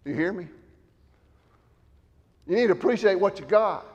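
A man preaching in a church sanctuary, his voice sitting high for a man. He swings from loud, shouted emphasis down to low, quiet asides. A long reverb from the hall trails after his words. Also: expressive, moderate pace, lo-fi sound. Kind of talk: sermon.

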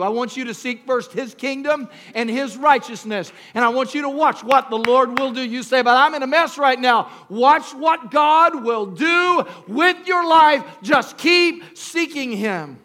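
A male pastor with an extremely high-pitched voice preaches a sermon directly to his congregation, asking for their responses. He shifts between quiet storytelling and shouted preaching.

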